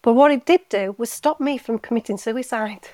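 Woman on a podcast, fairly high voice, dry close sound, heartfelt and halting. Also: darkish tone, no echo. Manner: heartfelt, halting with repeated words. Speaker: podcast guest. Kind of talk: emotional personal story in casual chat.

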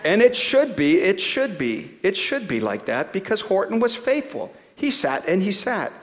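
A man giving a sermon, reading a rhyming story aloud in a rhythmic, expressive way before turning to scripture. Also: sits high, moderate pace, in a large hall. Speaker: pastor.

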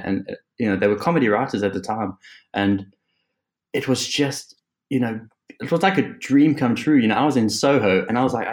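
Laughing, swearing storyteller man. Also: on the low side. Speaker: guest, art director. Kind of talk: casual podcast interview chat.

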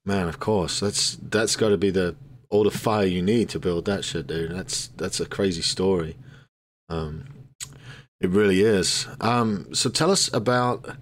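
A man's voice: deep voice, measured pace. A man hosting a podcast interview in a casual, laid-back way, cursing freely and calling his guest "man" and "dude". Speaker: podcast host.

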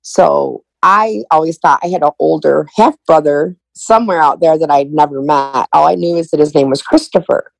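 A woman's voice: deep voice, normal speed, gravelly, hardly any pauses, dry recording, poor audio. A middle-aged woman telling her family story in an interview, retelling conversations in quoted dialogue. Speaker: guest.

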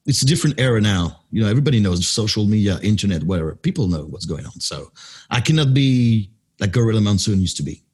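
A man's voice: lowish voice, animated, fast, darkish tone, slightly rough. A man from France with a French accent, a wrestling announcer and guest explaining at length and sometimes searching for words. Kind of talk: interview conversation.

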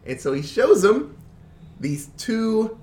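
Animated man recapping a movie. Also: high-pitched, slow. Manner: animated storyteller, laughs often, mimics characters. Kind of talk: casual movie recap chat.

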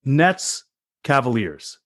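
Man, lively pitch, dry close sound, sports podcast co-host, eager and emphatic. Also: slow pace, dry recording. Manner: eager, emphatic, reads from notes. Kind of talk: casual sports chat.

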